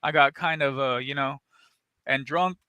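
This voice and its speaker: A man's voice: mid-range voice, fairly even intonation, a little slow, pushed and bright, clear, resonant tone, no room sound. A man hosting a casual podcast, telling loose, profane stories and laughing often. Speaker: podcast host. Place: San Antonio area.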